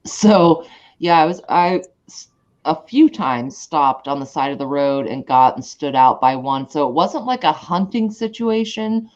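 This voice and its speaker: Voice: medium pitch, expressive, a little slow, muffled recording. A person chatting casually and admiringly. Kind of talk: casual chat.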